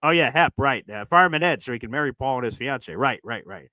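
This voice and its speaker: A man's voice: mid-range voice, expressive, a little fast, dry recording, lo-fi sound. A man hosting a casual live sports stream, reading super chats aloud in a loose, chatty way with lots of fillers. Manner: loose, chatty, many fillers, shifts from loud to muttering. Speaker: sports podcast host.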